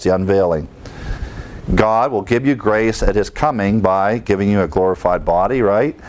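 A male preacher teaching through Bible verses, explaining them and asking his listeners rhetorical questions. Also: fairly low pitch. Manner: explains verse by verse, often pausing to restart.

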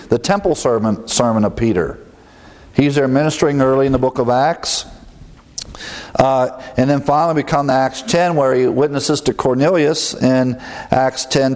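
With a medium-pitched, somewhat dark voice, this preacher from the American Midwest keeps his sermon conversational and funny, often chuckling at his own jokes.

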